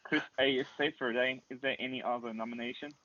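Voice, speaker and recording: A man running an online social deduction game as storyteller, making brisk procedural announcements. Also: medium pitch, steady tone, bright, forceful tone, no echo, dull audio.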